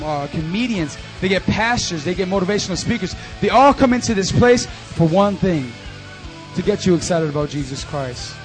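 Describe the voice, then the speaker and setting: A young man in his twenties giving an animated, chatty testimony and announcements to a youth group at a church service. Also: sits high. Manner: animated and conversational, full of fillers. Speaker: youth ministry speaker.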